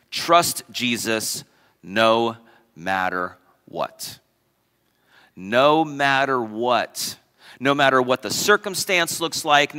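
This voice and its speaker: A mid-range, sharp, clean voice carries a long reverb tail through the church sanctuary as this pastor delivers an emphatic sermon. He keeps repeating key phrases and asking the congregation questions.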